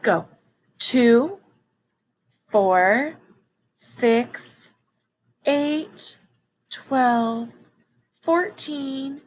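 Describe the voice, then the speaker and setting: A woman's voice: on the high side, slight background noise, rough recording. Upbeat, encouraging woman teaching kids math. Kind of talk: children's math lesson.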